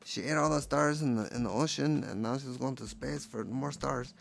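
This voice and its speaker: Playful gravelly man narrating his paintings. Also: mid-range voice, moderate pace, slight background noise. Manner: playful, rambling, jokey. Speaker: painter showing his work. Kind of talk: casual commentary.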